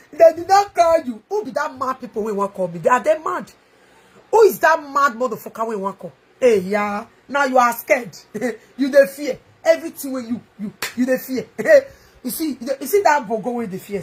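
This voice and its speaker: A woman with a Nigerian Pidgin English accent, ranting angrily in a video, taunting and mocking with shouts and a sing-song edge. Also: high voice, husky. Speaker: online video ranter. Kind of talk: angry livestream rant.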